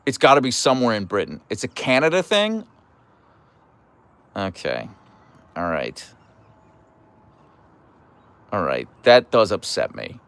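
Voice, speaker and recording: Playful, animated low-voiced man. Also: unhurried, long pauses, clear, resonant tone. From United States. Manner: animated, playful, mock-outraged rants with stammered restarts. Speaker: livestream host reading chat. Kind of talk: casual live-stream chat.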